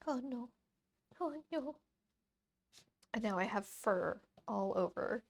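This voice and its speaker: A woman's voice: medium pitch, animated, slow pace, creaky, long pauses. A woman art streamer chatting casually and rambling on a live stream while she paints.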